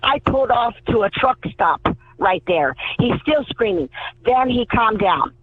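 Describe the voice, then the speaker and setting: A woman's voice: fairly high pitch, lively intonation, a little slow, husky, no room sound. A woman calling in to a radio show, telling a story emphatically and repeating words for stress. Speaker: caller. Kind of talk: call-in storytelling. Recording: tinny phone line.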